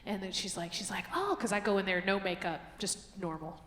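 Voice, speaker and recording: A woman's voice: mid-range voice, moderate pace, noisy background. Woman, late 30s, stand-up comedian, self-mocking, live theater stage, roomy reverb. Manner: chatty, self-mocking, punchy asides. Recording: echoey theater hall, faint crowd. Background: audience ambience.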